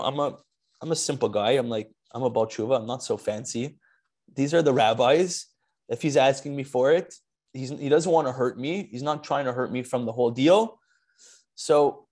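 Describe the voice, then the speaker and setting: A man telling a personal story on a video call in a lively storytelling manner, with frequent restarts and Yiddish words. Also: medium pitch. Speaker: speaker at an online charity talk. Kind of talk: storytelling talk.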